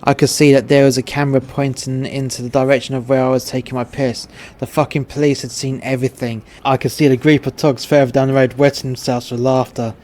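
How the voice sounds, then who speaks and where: Flat-voiced English man, blunt narration. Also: mid-range voice, quick pace, hardly any pauses. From England. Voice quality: crude, blunt. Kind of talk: scripted narration of a short story.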